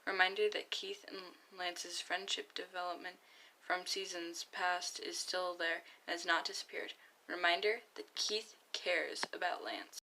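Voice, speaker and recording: A woman's voice: fairly low pitch, steady tone, a little slow, sharp tone, a little hiss or hum, rough recording. A young woman chatting earnestly as she reads and comments on fan comics. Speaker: fan comic dub reader.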